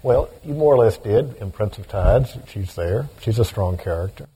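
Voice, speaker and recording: Male radio host, very low voice, measured formal delivery. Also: lively intonation, dark tone, husky. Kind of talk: interviewing and introducing.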